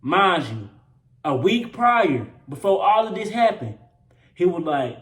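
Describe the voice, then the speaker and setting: A man's voice: high-pitched, sing-song, slow, fairly bright tone. A young man telling a personal story in a casual, slangy, profane way, repeating lines for emphasis. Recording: roomy echo with faint hum.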